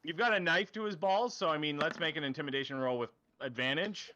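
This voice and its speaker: A man narrating a tabletop game as dungeon master, halting with many fillers. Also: fairly high pitch, muffled recording, background noise.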